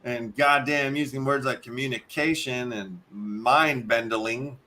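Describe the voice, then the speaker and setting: A man's voice: medium pitch, steady tone, measured pace, sharp tone, slight background noise. A man with a Chicago accent hosting a casual show, reading articles aloud, cursing and tripping over long words. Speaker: show host.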